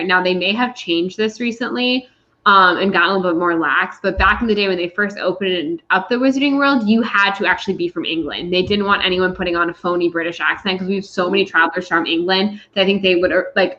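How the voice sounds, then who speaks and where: Chatty woman, bright lo-fi sound. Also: fairly low pitch. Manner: chatty storyteller, quick asides. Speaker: guest. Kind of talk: casual podcast chat. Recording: dull lo-fi remote audio.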